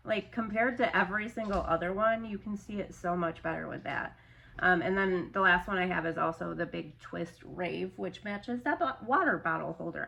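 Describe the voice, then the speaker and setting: A woman's voice: mid-range voice, pushed and bright. A young adult woman in casual chat, showing her handmade stock in a loose, rambling way with lots of fillers.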